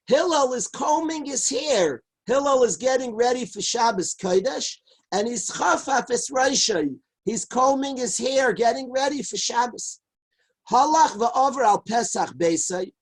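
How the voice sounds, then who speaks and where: A man, a rabbi, telling a Talmud story as a lively lecture. He quotes each line in Hebrew and Aramaic and then translates it. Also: extremely high pitch, measured pace, breathy edge, rough recording. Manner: lively storyteller who shouts out the characters' lines. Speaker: rabbi teaching a Talmud class. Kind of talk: animated Torah lecture storytelling.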